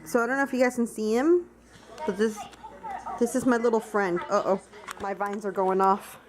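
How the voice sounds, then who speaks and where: A woman's voice: mid-range voice, normal speed. A young woman talking casually to her viewers in a daily vlog, chatty and full of "like" fillers. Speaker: vlogger.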